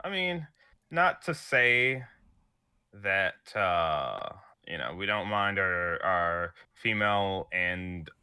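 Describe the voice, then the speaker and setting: A man's voice: low-pitched, animated, slow, sharp tone, clear, resonant tone, no echo, clean studio sound. A man co-hosting a podcast, joking around in casual banter and laughing often. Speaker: podcast co-host.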